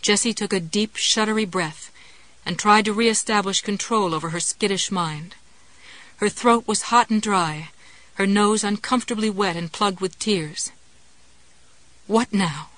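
Woman reading a thriller audiobook, steady and even, dry close mic. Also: mid-range voice, moderate pace, dry recording, low-quality recording. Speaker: audiobook narrator. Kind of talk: scripted narration.

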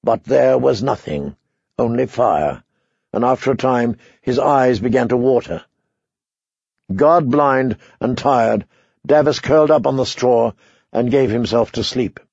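A man narrating a story as an audiobook reader, in a measured, even way. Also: mid-range voice, gravelly, breathy edge, no echo, muffled recording. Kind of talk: scripted narration.

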